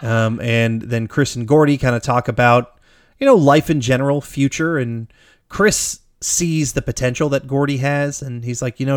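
A man's voice: mid-range voice, fairly even intonation, normal speed. A man co-hosting a podcast, walking through a film scene by scene in a loose, rambling way. He swears casually and laughs often. His voice sits in a middle register and the sound is close and dry, with no room echo. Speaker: podcast co-host. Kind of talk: casual movie recap chat.

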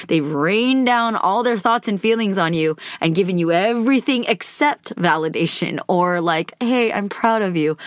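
A woman's voice: fairly low pitch, dry recording, clean studio sound. Candid woman telling a personal story. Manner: candid and conversational, with frequent hedging fillers. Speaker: podcast host.

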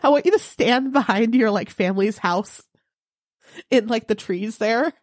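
A woman's voice: on the high side, normal speed, no room sound, studio quality. An American woman co-hosting a podcast, teasing and laughing in casual chat while she has a cold. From United States. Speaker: podcast co-host.

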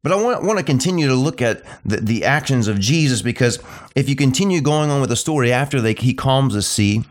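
A man's voice: medium pitch, animated. Emphatic male preacher. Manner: emphatic, repetitive preaching cadence, slows down on key phrases. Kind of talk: sermon.

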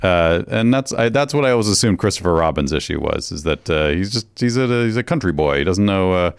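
A man co-hosting a casual comedy podcast, relaxed and hesitant, with many pauses and fillers. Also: sits low, gravelly, clean tone, dry recording, clean studio sound. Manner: laid-back, hesitant, full of uh's. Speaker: podcast co-host.

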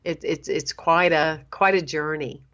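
A middle-aged woman, a minister hosting an interview, earnest and animated, talking in bursts. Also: low voice, unhurried, lo-fi sound. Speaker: host, minister. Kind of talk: interview host chat.

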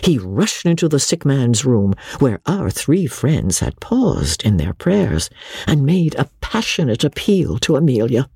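Slow, husky woman audiobook narrator. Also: very deep voice, no room sound, studio quality. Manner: expressive, measured storytelling. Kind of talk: scripted narration.

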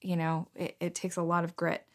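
A woman hosting a podcast interview, reacting with animated admiration before asking her guest a question. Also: fairly low pitch, normal speed. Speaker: podcast host. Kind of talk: conversational interview.

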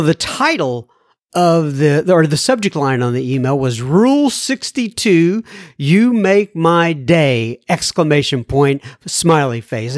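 A man's voice: fairly high pitch, no room sound. Folksy, dry-sounding male podcast host. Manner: folksy, joking, drawn-out phrasing. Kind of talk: casual podcast talk, reading listener mail.

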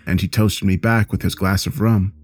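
Low-voiced man narrating a horror story. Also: little pitch movement. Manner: measured, first-person storytelling.

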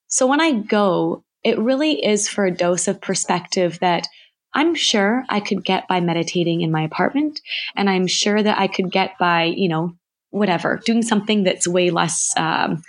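A woman's voice: fairly low pitch, lively intonation, normal speed. A woman talks as a guest on a podcast. Her delivery is earnest and candid, and she reflects carefully as she speaks.

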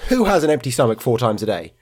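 A man's voice: medium pitch, big pitch swings, quick pace, a little mellow. A man co-hosting a podcast in casual chat, dry and teasing, laughing along with his co-host.

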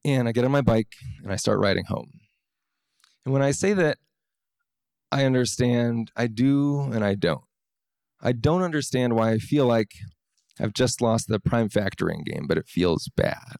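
A man's voice: medium pitch, animated, creaky, a little mellow, no room sound. Guy telling a funny story about himself, wry, stumbles and restarts a lot, dry close sound. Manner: wry, self-deprecating, with halting restarts. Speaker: storyteller, scientist. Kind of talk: personal story told to an audience.

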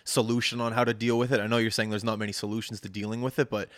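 A man's voice: on the low side, flat delivery, racing, no echo, studio quality. A man hosting a podcast, asking curious questions with short interjections in a casual interview. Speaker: podcast host.

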